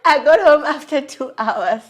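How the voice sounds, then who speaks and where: Animated South African woman vlogger. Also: sits high, measured pace. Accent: South African English. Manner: animated, laughing often, slangy. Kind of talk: storytelling about her marriage.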